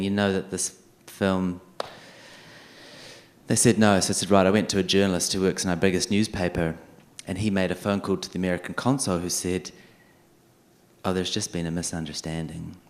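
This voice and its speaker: A filmmaker on a festival panel, telling a long story and acting out the other people in it. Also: male voice, low voice, moderate pace. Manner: animated, acts out the other people in his story.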